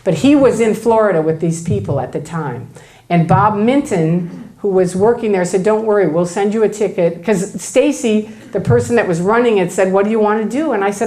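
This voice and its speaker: A woman's voice: mid-range voice, expressive, fairly quick, mellow. A middle-aged woman telling a personal story to an audience at a talk, animatedly acting out the dialogue she quotes. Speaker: speaker at a talk. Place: event room before an audience.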